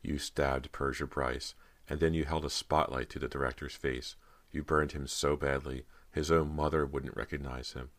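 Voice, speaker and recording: A man voicing a cold, cruel ghost of a teenage girl, speaking flatly and slowly with quiet mockery. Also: rumbling low, no room sound. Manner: flat, cold, slow and mocking.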